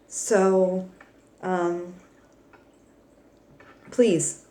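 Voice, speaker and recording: A woman giving a casual tarot reading to camera, blunt and swearing freely but warm and emotional toward her viewers. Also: mid-range voice, unhurried, reverberant. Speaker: tarot reader.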